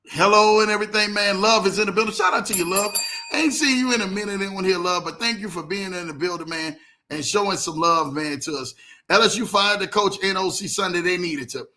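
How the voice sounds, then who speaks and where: A man hosting a casual livestream, animated, greeting viewers by name and telling stories in loose slang. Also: sits high, brisk. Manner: animated, reads out viewer comments, Southern US slang. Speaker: livestream host.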